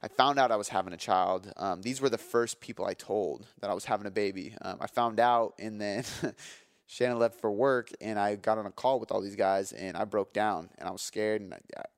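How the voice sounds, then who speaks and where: On his own podcast, a man in his thirties shares an open personal story, speaking in a low voice at a fairly quick clip. He's energetic and emphatic, leaning on fillers and swearing now and then. The audio is close and dry, without any echo or room.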